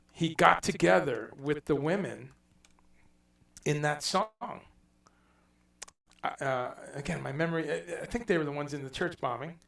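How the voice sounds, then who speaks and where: A man hosting a casual livestream chat, telling stories in a rambling, animated way and dropping in profanity. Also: fairly high pitch, vocal fry, echoey room, recorded from a distance. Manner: rambling, animated storytelling with mock accents and profanity. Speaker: livestream host.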